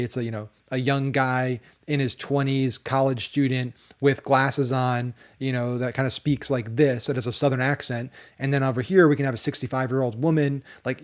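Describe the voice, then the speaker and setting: A man's voice: medium pitch, darkish tone. A man in the role of a marketing educator, giving casual talking-head commentary and often checking in with rhetorical questions. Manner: conversational, leans on rhetorical "right?" checks.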